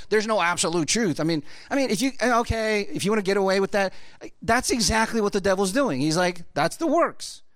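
A man's voice: sits high, no room sound, clean studio sound. A man preaching a sermon in a casual, rambling way, full of fillers and asides. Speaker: pastor.

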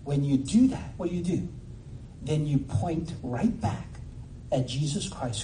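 A man's voice: mid-range voice, a little slow, mellow. A male pastor preaching a sermon in a casual, filler-heavy way that swells into fervent cries. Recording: roomy echo, distant mic.

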